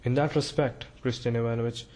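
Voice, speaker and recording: A man's voice: medium pitch, steady tone, fairly quick, a little mellow, lightly acted. A man reading a storybook, voicing a timid, awkward male civil servant who stammers and hesitates. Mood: halting, earnest.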